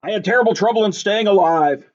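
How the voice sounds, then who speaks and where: A man with a high voice reads a rhyming picture book aloud, bouncing along the rhythm in a lively sing-song. The recording sounds dull and lo-fi, with the top end rolled off. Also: fast. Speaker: reader.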